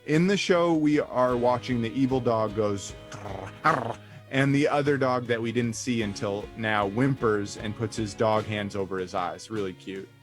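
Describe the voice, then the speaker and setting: A man hosting a comedy stream, reading stage directions aloud in a deadpan way with ad-libbed asides. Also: mid-range voice, normal speed, hardly any pauses, soft background music. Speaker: host.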